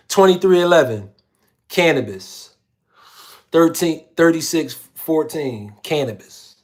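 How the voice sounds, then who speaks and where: A man's voice: a little high, animated, slow pace, pauses often. A man hosting a casual livestream, reading viewer comments aloud in a slangy, laid-back way. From Philadelphia. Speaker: livestream host.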